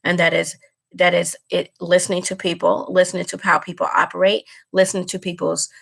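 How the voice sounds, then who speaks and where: A woman's voice: fairly low pitch, little pitch movement, a little fast, creaky, a bit bright. A woman vlogger talking straight to her viewers in casual chat, earnest and emotional, repeating herself as she goes. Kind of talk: casual direct-to-camera chat.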